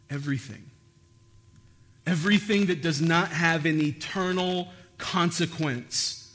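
A man's voice: fairly high pitch, unhurried, a bit bright. A man preaching a sermon, asking his listeners questions and building to emphatic, repeated phrases. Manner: asks the audience questions. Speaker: pastor.

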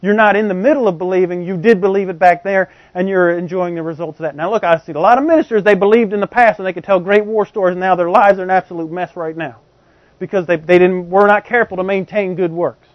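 A man's voice: sits high, fast talker, dry recording. A man preaching a teaching sermon in a conversational way, explaining with everyday examples and often checking that his congregation is following. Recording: slightly dull, muffled recording.

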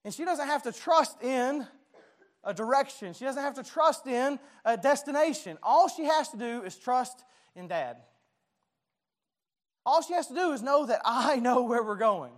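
A man's voice: extremely high pitch, lively intonation, moderate pace. A man, preaching in a loose, conversational way. He pokes fun at himself and trips over his words, repeating them as he restarts his thoughts. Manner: conversational, self-deprecating, stumbling restarts. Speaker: pastor. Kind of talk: sermon.

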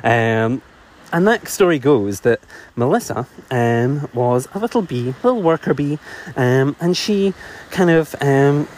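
A man telling a myth in a relaxed, chatty way, full of ums and asides. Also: medium pitch, measured pace, slight background noise. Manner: chatty, digressive, laughs often, many fillers. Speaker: storyteller. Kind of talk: casual oral storytelling.

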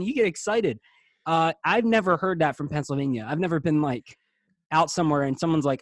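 Animated man from South Jersey, dry close mic. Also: a little high, fast talker, no room sound. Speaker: podcast co-host. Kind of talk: casual chat.

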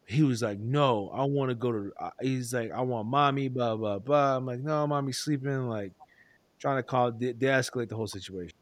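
Profane laughing dad telling stories. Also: male voice, medium pitch, fairly quick. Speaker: father. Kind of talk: casual chat.

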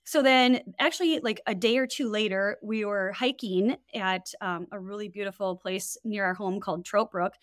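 A woman, a wellness coach, telling a story in casual podcast chat, animated and full of fillers. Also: medium pitch, normal speed, hardly any pauses, no room sound, clean studio sound. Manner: animated, lots of fillers and quoted voices.

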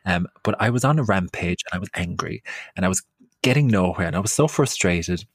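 A man, co-hosting a podcast and telling an embarrassing personal story in an animated, self-mocking way. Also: deep voice, brisk, breathy edge, dry recording, studio quality. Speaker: podcast co-host.

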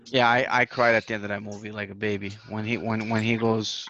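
A man's voice: on the low side, flat delivery, fairly quick, a bit bright, dull audio, a little hiss or hum. A man co-hosting a podcast, chatting animatedly, repeating words and swearing often. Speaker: podcast co-host. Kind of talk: casual chat.

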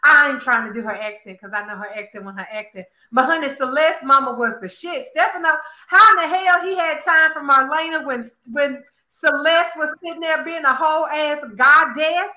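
A woman hosting a casual chat, animated and gossipy, calling everyone honey and girl. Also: sits high, moderate pace, hardly any pauses. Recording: roomy echo.

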